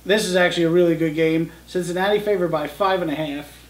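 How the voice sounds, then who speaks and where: A man's voice: a little high, fairly even intonation, fast talker, roomy sound, recorded from a distance. A man co-hosting a casual football betting chat, reading out each matchup and spread like an announcer. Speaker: co-host of a sports picks show.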